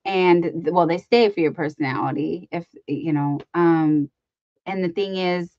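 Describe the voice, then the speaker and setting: A woman's voice: fairly low pitch, measured pace, darkish tone, no echo, muffled recording. A woman hosting a casual craft livestream, chatting to viewers in a rambling way with many ums and restarts, sometimes cooing baby talk to her dogs. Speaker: livestream host.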